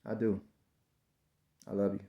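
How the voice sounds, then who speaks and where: A man in his fifties giving a slow, repetitive, preachy spiritual monologue about self-belief, often calling the listener baby. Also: on the low side, completely flat delivery, gravelly, mellow.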